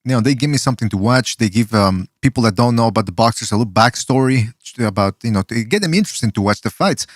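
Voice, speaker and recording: A man hosting a podcast and taking callers, talking in an excitable, chatty way and swearing casually. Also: medium pitch, quick pace, few pauses, dry recording. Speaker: podcast host.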